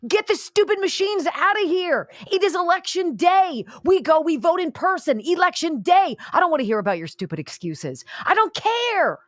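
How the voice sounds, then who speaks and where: A woman's voice: extremely high pitch, a bit bright, dry recording, studio quality. A woman hosting a political talk radio show, emphatic, indignant and sarcastic.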